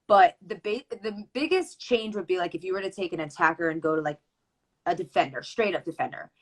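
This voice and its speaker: Woman in her twenties, lacrosse player and coach, chatty and upbeat, lowish pitch. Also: fairly quick, rough recording. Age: 20s. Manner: chatty, lots of ums and restarts, upbeat. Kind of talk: casual chat.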